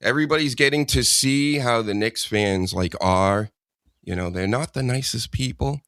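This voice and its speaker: A man's voice: mid-range voice, normal speed, a bit bright, smooth, no room sound, studio quality. A man hosting a casual comedy podcast, rambling and teasing his co-host in a joking way.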